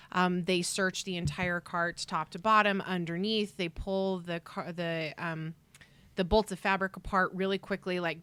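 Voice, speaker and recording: A woman's voice: lowish voice, fairly bright tone, clean tone, no echo. A woman narrating a tabletop role-playing game as game master, chatty with lots of fillers.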